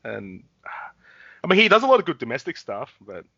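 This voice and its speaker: Bright-voiced man hosting. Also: mid-range voice, huge pitch swings, normal speed, creaky, no room sound, highs cut off. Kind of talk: casual chat.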